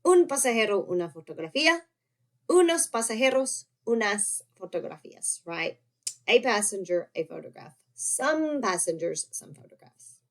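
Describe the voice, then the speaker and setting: A woman teaching a recorded grammar lesson, explaining patiently and checking in often with "okay?" and "right?". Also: on the high side. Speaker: Spanish teacher.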